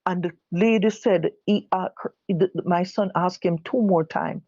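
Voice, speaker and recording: An older Jamaican woman giving personal testimony, halting and correcting herself as she recalls what others said. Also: lowish voice, warm tone, no room sound, muffled recording. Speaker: guest telling her own story. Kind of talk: personal testimony told live.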